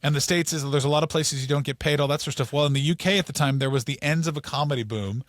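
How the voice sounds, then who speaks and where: Fast, profane storytelling comedian man. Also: fairly high pitch, no room sound, clean studio sound. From Canada. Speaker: comedian guest. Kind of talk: storytelling interview.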